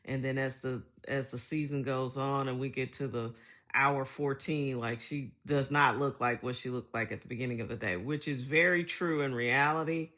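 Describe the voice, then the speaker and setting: A woman's voice: a bass voice, fairly even intonation, moderate pace, a bit bright. A middle-aged woman talking in a casual vlog monologue, chatty and reflective, laughing often as she tells stories. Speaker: vlogger.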